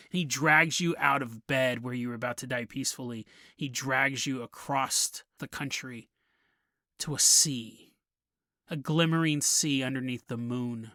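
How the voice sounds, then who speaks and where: A man's voice: medium pitch, bright, forceful tone, no room sound, studio quality. A man hosting a podcast, telling a comedic story and laughing through his lines. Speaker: podcast host.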